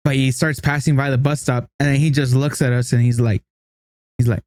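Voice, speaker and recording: Podcast co-host, male, lively anecdote teller, close dry mic. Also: a little slow, no room sound. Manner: animated storyteller, acts out quotes in a higher voice, laughs often. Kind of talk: casual chat, storytelling.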